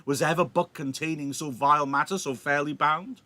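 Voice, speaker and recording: A male teacher reading the lines of a passionate, grief-torn young woman, declaiming verse with loud drama. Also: fairly high pitch, steady tone, normal speed, no room sound, pitched above the performer's own voice. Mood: outraged. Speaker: teacher reading a play aloud.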